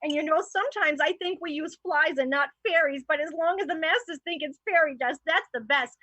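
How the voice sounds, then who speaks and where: A woman's voice: sits high, brisk, pushed and bright, dry recording, lo-fi sound. A woman playing a giddy young woman on her first day at a bakery in an improv scene, gushing and repeating herself. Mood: proud.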